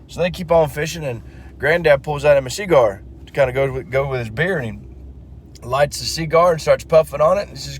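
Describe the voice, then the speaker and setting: A man's voice: a little high, fairly quick, slight background noise. A man telling a crude joke in a laid-back, swearing style. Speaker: joke teller.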